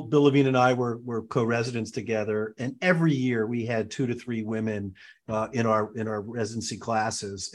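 A man hosting a podcast interview, asking long rambling questions. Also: mid-range voice. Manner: rambling questions with many restarts and fillers. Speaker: podcast host, surgeon.

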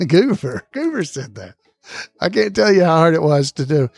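A man hosting a casual podcast trivia quiz, reading each question slowly and repeating it, with frequent chuckles, on a close microphone. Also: a little high, big pitch swings, creaky, darkish tone, dry recording, soft background music.

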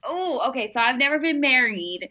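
Bright-voiced woman co-host, faint and dull. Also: high-pitched, expressive, brisk. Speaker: podcast co-host. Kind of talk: casual podcast chat.

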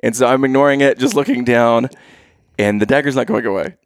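Man, gravelly, animated storyteller, teasing, dry close sound. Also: mid-range voice, brisk, no room sound. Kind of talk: casual storytelling to camera.

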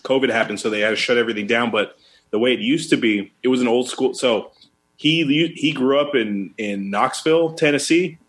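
A man's voice: medium pitch, a little fast. Male, 30s, podcast co-host, casual anecdote teller with a mid-range voice. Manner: animated storyteller, acts out quotes. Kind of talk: casual chat.

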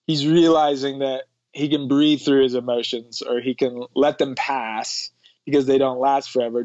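A man's voice: medium pitch, a little mellow, no room sound. A man speaking as a podcast guest in a reflective, conversational way, often laughing between thoughts. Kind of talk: conversational interview. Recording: dull, lo-fi dry sound.

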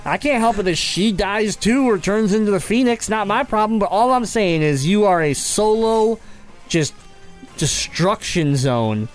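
A man co-hosting a casual podcast chat, teasing a friend with lively, exaggerated storytelling. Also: measured pace, soft background music. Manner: animated teasing, bursts into high squeaky impressions. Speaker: podcast co-host.

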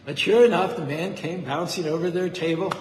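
A man's voice: fairly high pitch, a little fast. A man preaching a devotional sermon with fervent, rhythmic repetition and a story. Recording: echoey hall with faint ambience.

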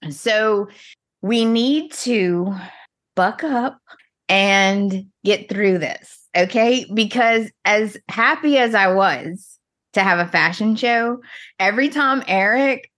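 A woman's voice: mid-range voice, slow, fairly bright tone. A woman co-hosting a podcast, chatting casually and venting dramatically with playful energy. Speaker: podcast co-host. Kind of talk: casual chat.

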